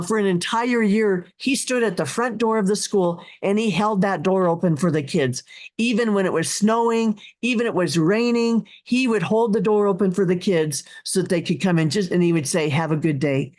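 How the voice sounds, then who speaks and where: A woman's voice: medium pitch, darkish tone. A middle-aged woman guest telling stories in an earnest, heartfelt way, with many restarts and fillers. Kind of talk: casual interview talk.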